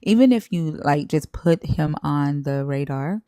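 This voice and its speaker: A woman's voice: low-pitched, lively intonation, measured pace, warm tone, smooth, no room sound, clean studio sound. A woman hosting a live stream, talking bluntly and frankly in casual chat, with restarts.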